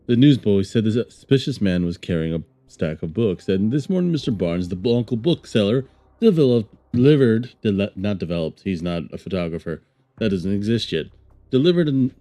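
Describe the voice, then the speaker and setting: A man's voice: fairly low pitch, animated, normal speed, dark tone. A man streaming a game, joking and rambling casually while reading game text aloud. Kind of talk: casual let's-play commentary.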